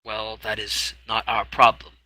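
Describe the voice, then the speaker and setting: A man's voice: lowish voice, completely flat delivery, measured pace, bright, forceful tone, dry recording, low-quality recording. A man voicing a stern male Inquisitor Lord who judges in a formal, imperious way.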